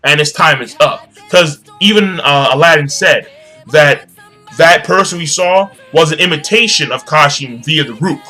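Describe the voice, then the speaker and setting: A young man casually recapping an anime episode, rambling with lots of fillers and profanity, breaking into excited shouts. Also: on the high side, normal speed, soft background music. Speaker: anime reviewer.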